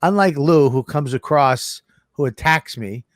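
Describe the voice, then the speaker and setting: A man's voice: fairly high pitch, lively intonation, unhurried, no echo, studio quality. A man co-hosting a casual comedy podcast, ranting with profanity and sarcasm. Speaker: co-host.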